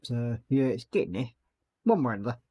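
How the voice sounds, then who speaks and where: A man's voice: medium pitch, big pitch swings, fast, warm tone, husky, dry recording. A man hosting a casual chat stream, talking while he paints a model and laughing often. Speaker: streamer host.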